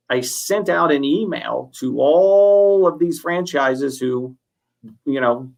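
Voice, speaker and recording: A man co-hosting a sales webinar, talking through anecdotes in a relaxed, conversational way. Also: mid-range voice, creaky. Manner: conversational, recounts anecdotes with fillers. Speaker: webinar co-host. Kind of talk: casual webinar chat.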